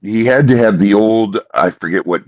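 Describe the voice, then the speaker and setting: A man co-hosting a podcast in casual chat, an ex-bass player talking gear with eager, opinionated enthusiasm. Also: normal speed, no room sound, muffled recording. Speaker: podcast co-host.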